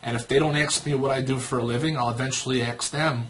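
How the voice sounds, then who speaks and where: A man's voice: medium pitch, steady tone, brisk, few pauses, a bit bright. A man in his thirties giving a sales training talk, telling a story and acting out both sides of the dialogue. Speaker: network marketing trainer.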